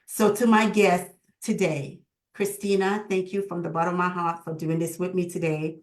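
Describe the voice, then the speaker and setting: A woman with a slightly low voice hosts a video call and speaks in a heartfelt, prayerful way. She sounds emotional, and her words carry a roomy echo. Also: normal speed. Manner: prayerful and emotional, with lively retold dialogue. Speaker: host.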